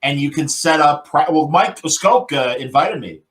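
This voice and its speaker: A man hosting a podcast in casual chat, talking in a relaxed, rambling way with fillers. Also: fairly high pitch, normal speed. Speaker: podcast host.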